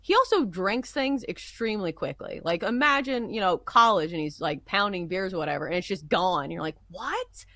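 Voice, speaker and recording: A woman co-hosting a morning sports show, telling stories in a playful, animated way. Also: lowish voice, a little fast, hardly any pauses, no room sound. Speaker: show co-host. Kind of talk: casual morning sports talk.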